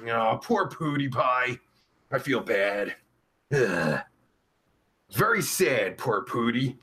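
A man's voice: mid-range voice, sing-song, slow pace, sharp tone, exaggerated voice. A man playing a crude, vulgar livestream host who rambles profanely while reading out chat. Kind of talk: live chat comedy stream.

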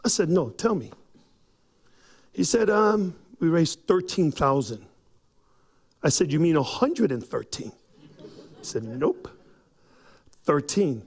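High-voiced pastor telling a story. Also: male voice. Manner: storytelling, acts out quoted voices, rising to shouts. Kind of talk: sermon. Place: church.

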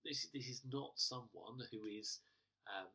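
A male pastor delivers a conversational sermon with a slightly husky, breathy voice. He often restarts and hesitates. The mic is some way off, so he sounds distant in the church. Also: lowish voice, measured pace, bright, forceful tone.

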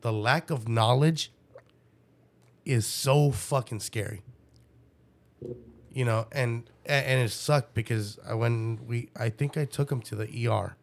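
A young man, a father, telling a story in a casual interview, profane and animated. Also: mid-range voice, unhurried, vocal fry, long pauses. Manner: profane, animated, acts out his own past dialogue.

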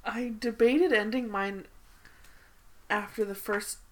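A woman's voice: mid-range voice, fairly even intonation, slow pace, background noise. A woman co-hosting a casual chat podcast, rambling and trailing off mid-thought. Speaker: podcast co-host.

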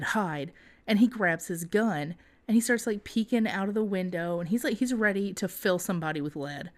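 A young woman co-hosting a podcast, telling a story in a casual, animated way with laughter. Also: medium pitch. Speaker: podcast co-host.

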